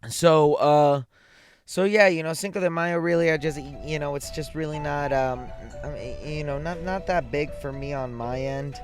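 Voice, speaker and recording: Over soft background music, a man with a fairly high voice talks at normal speed with hardly any pauses. Filling in as a podcast's host and producer in a casual solo episode, he sounds tired and yawns late at night, rambling sleepily with lots of fillers and restarts.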